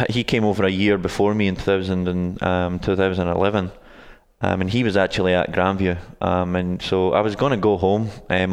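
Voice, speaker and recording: A young Scottish man with a very deep, even voice that rarely rises or falls. He talks in a smooth, resonant tone, stopping often with ums and restarts. The sound has a long reverb, as if in a hall. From Scotland. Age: 20s. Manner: hesitant, many ums and restarts. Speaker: guest, college soccer coach. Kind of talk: casual interview answers.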